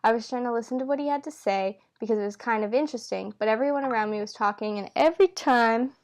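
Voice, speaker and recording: A woman reading a novel aloud at home in a relaxed, unpolished way. She trips over words, backs up and rereads them. The characters' lines come in her own plain voice. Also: fairly high pitch, fast talker. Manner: stumbles and corrects herself with asides. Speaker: amateur reader. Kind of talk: casual read-aloud of a novel.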